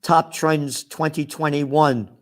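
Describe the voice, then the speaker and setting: Speaking slowly with a steady tone and a voice on the high side, a trends forecaster and publisher gives a sarcastic, combative rant plugging his trends magazine. Mocking asides run all through the promo monologue.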